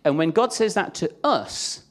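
A man's voice: a little high, expressive, measured pace. A man preaching a sermon in a chatty, conversational way, acting out the voices he quotes.

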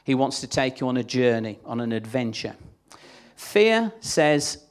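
A man's voice: medium pitch, lively intonation, slow. A man preaching a sermon in a chatty, conversational way, acting out the voices he quotes.

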